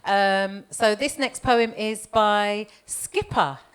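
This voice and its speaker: A woman with a smooth, medium-pitched voice takes her time as she hosts a community poetry showcase. Chatty and laughing often, she compères the live event and brings readers up to the stage.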